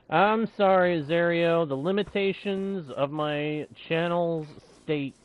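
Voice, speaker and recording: A man's voice: a little high, slow pace, poor audio. A man hosting a live game stream, chatting casually and jokingly with viewers and the game. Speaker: streamer and channel host.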